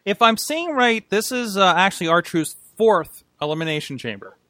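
A man's voice: high voice, animated, normal speed, pushed and bright, dry recording, studio quality. A man hosting a casual wrestling podcast, rambling and upbeat as he reads listener emails aloud. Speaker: podcast host.

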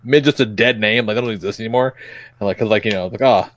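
A man's voice: on the low side, fast. A man co-hosting a podcast, chatting casually with wry, sighing reactions. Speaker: podcast co-host. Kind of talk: casual chat.

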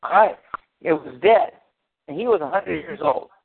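A man's voice: high voice, expressive, normal speed, vocal fry. Emphatic preaching man on a phone line. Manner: emphatic, repeats words, quotes scripture. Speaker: host leading a Bible study. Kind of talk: informal preaching. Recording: tinny phone line with faint noise.

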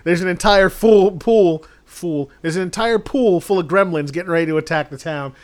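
High pitched guy on a comedy podcast, rambly movie recap, keeps laughing at his own story. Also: normal speed. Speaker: podcast co-host.

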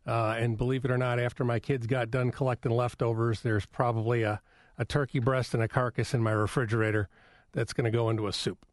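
A man's voice: medium pitch, level tone, a little fast, no room sound. A man with a Chicago accent, a guest in a radio studio, joking along with the hosts. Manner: good-humored, laughing along. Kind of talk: radio talk show banter.

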